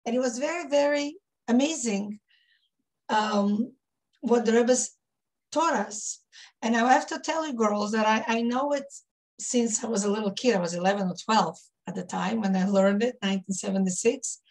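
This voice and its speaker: A woman's voice: on the high side, moderate pace. A woman in her fifties from Israel, a rebbetzin telling stories to a women's group, reminiscing with many fillers and restarts. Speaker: rebbetzin leading a women's class. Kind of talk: warm storytelling talk to a women's group.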